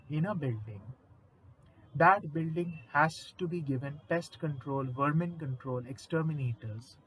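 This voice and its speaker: A man casually retelling a horror story, animated and conversational, swearing now and then. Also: fairly high pitch, breathy edge, rough recording.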